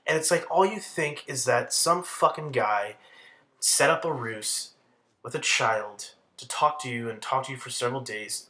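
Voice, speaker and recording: A man's voice: medium pitch, bright, forceful tone. A man giving a rambling, profane, exasperated commentary rant. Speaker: commentary vlogger. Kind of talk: casual ranting commentary.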